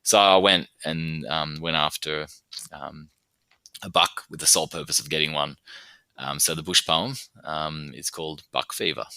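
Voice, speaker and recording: An Australian man, a podcast guest, chatting casually and telling stories, then reciting his own rhymed bush poem in a steady rhythm. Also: extremely low pitch, moderate pace, creaky, smooth, no room sound.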